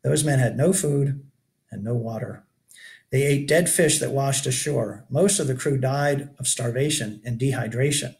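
A man's voice: medium pitch, normal speed, gravelly, darkish tone, close to an everyday voice. A man reading aloud and voicing a weary, rugged older male keeper of a shipwreck shelter who talks in a folksy, lamenting way. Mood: somber. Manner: folksy backwoods grammar, lamenting.

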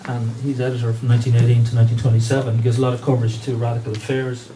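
A man's voice: mid-range voice, level tone, racing. A man giving a history lecture, hesitant, with many fillers and restarts. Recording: distant mic with faint room noise.

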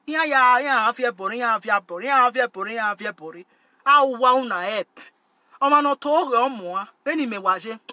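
A woman's voice: on the high side, a little fast, pushed and bright, no echo. A woman hosting her channel, talking emphatically and switching between Pidgin English and Yoruba, repeating phrases for force. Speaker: channel host. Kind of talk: animated direct-to-camera rant.

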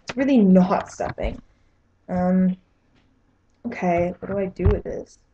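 A woman's voice: lowish voice, slow, mellow, lo-fi sound, a little hiss or hum. Young woman vlogging, grossed out and laughing at herself, roomy echo. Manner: squeamish, self-mocking, talking to camera. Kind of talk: casual cooking vlog. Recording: echoey room.

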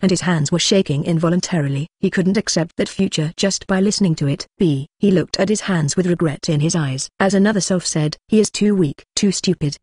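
A narrator reads a translated fantasy novel in an even, unhurried way that sounds machine-made. The voice sits in a middle pitch. The sound is dry and close, with no room around it. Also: husky, no room sound. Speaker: audiobook narrator.

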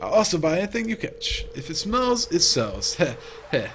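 A man's voice: a little high, sing-song, moderate pace, a bit bright, a little hiss or hum, voice pushed up. A man doing a jolly old sea-dog shopkeeper.

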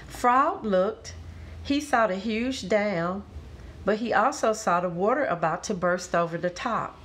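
A woman reading a children's storybook aloud with expressive, careful narration. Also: medium pitch, slight background noise. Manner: expressive and slow.

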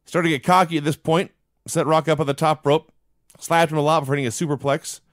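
A man's voice: a little high, steady tone, fast talker, dry recording, studio quality. A man co-hosting a podcast, recapping an old wrestling show in a wry, storytelling way. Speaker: podcast co-host. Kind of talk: casual wrestling recap chat.

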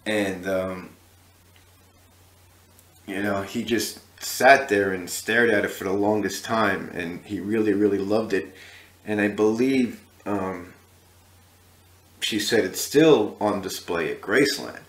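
A man's voice: on the low side, slow, pauses often. Rambling man telling a story, echoey room. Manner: rambling, many fillers and restarts. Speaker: history channel host. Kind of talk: casual storytelling to camera.

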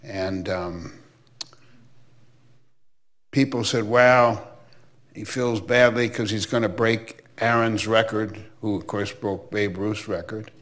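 A man's voice: lowish voice, fairly even intonation, takes it slowly, long pauses. An older man from Milwaukee, a former baseball commissioner, telling anecdotes in an interview with chatty asides. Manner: anecdotal, warm reminiscing with asides. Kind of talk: storytelling interview.

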